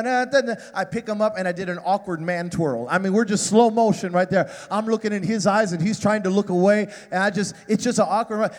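A man in his forties, a guest preacher telling a self-mocking, animated story in a sermon. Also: high voice, big-room sound.

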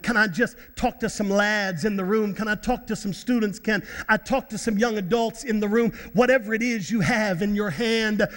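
A male pastor preaching a sermon in a church, stumbling over fillers and repeats, then rising to shouts. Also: sits high, normal speed, hardly any pauses, in a large hall. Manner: repetitive, many fillers, bursts to shouts. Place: church sanctuary.

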